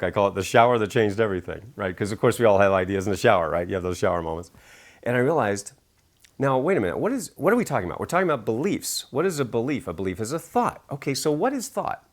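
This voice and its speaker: Man, middle-aged, low voice, animated storyteller, acts out quotes with big jumps in pitch. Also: fast talker. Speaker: author and speaker.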